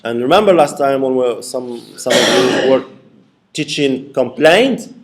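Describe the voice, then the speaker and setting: A man's voice: mid-range voice, expressive, a little slow. A man giving a classroom lecture, repeating his points and checking in with the class by asking "okay?". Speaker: university lecturer.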